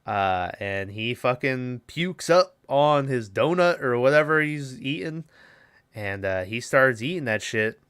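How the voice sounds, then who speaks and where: A man's voice: mid-range voice, expressive, unhurried, fairly bright tone, smooth. A young man co-hosting a podcast, casually recapping a movie in a rambling, profane way and acting out its lines. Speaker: podcast co-host.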